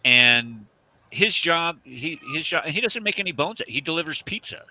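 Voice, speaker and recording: A man hosting an online discussion panel, blunt and emphatic, swinging between loud outbursts and low asides. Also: expressive, moderate pace. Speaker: host.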